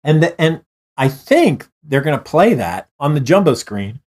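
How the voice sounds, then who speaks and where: A man's voice: a little high, big pitch swings, measured pace, darkish tone. A man chatting casually with a co-host, playful and laughing often, sometimes imitating sounds. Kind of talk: casual chat.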